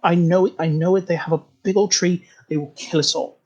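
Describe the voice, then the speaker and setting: A game master voices a frightened, mousy figure who whispers in a raised, thin voice and stammers. The figure sounds timid and small. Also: male voice, fairly high pitch, steady tone, a little fast, a little mellow, lo-fi sound.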